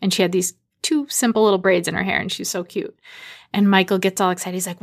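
A woman in her thirties from the Boston area tells a personal story. Her voice sits at an average pitch. She lives the story as she goes, bringing the dialogue to life with animated energy. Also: quick pace. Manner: animated, acts out quoted dialogue.

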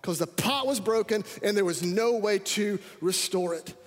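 A man preaching a sermon as pastor, energetic and calling out to his congregation. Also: high voice, normal speed. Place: church sanctuary. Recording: reverberant hall.

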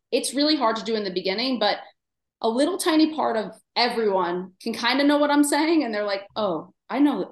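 A woman's voice: mid-range voice, roomy sound. A woman nutritionist co-hosting a casual podcast conversation, chatty and full of fillers. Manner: chatty, many fillers, plays inner voices in quotes. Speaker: nutritionist co-host.

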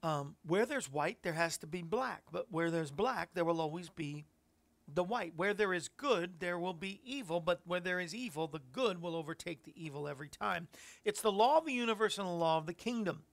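A man's voice: sits high, lively intonation, moderate pace, creaky. A man hosting a Christian radio commentary show, musing on scripture in a reflective, rambling way with frequent fillers. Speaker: host.

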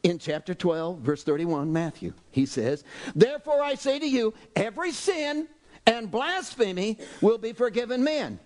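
A male pastor preaching a sermon, animated and exclaiming, acting out voices from the story. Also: sits high, normal speed.

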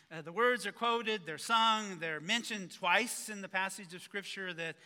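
Bright, high-voiced male preacher. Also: long reverb tail. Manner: conversational, halting with restarts. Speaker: pastor. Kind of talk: sermon.

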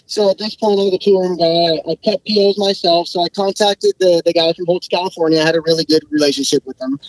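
A man guesting on a podcast, telling work stories in a slangy, swearing, animated way. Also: high-pitched, fast talker, dry recording, low-quality recording. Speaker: podcast guest, shop technician. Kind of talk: casual storytelling.

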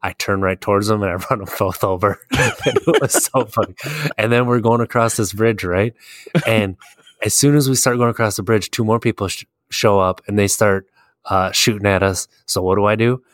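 A man's voice: on the low side, normal speed, a bit bright, no room sound, clean studio sound. A man co-hosting a casual gaming chat, telling stories easily and laughing at his own anecdotes. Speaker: podcast co-host. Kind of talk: casual chat about video games.

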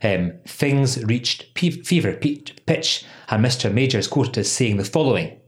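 A man's voice: mid-range voice, animated, normal speed. A man hosting a legal podcast, chatty and laughing often, with many "um"s. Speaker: podcast host, employment lawyer. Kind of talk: casual legal podcast chat.

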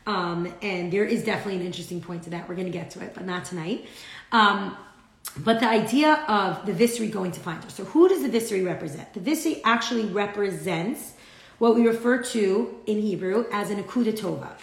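Woman doing a casual torah class, lots of "like", mid-pitch voice, kinda echoey room. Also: a little fast. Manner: chatty, frequent "like" fillers, acts out quotes. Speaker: Torah teacher.

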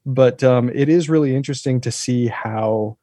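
A man talking about a TV episode in a relaxed, thoughtful podcast chat, with frequent fillers. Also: medium pitch, normal speed, no room sound, clean studio sound. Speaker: podcast co-host. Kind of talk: casual chat.

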